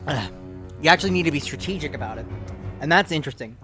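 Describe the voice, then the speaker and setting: A man's voice: fairly high pitch, lively intonation, quick pace, music in the background. A man streaming a game in casual, rambling commentary, swearing often and stuttering. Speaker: gaming streamer.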